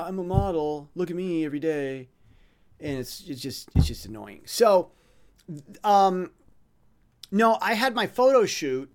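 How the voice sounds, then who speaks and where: A male podcast host talking alone in a loose, rambling monologue. He keeps restarting his sentences and slipping in fillers and dry jokes about himself. His voice sits at an ordinary middle pitch for a man. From foreign resident in Taiwan. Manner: rambling, self-mocking, many restarts. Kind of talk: casual monologue.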